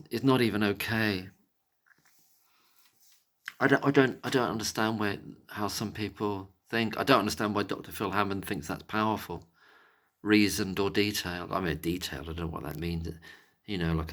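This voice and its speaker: A man's voice: sits low, fairly bright tone. A man ranting angrily in a monologue, exasperated and sarcastic, with plenty of swearing. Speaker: vlogger.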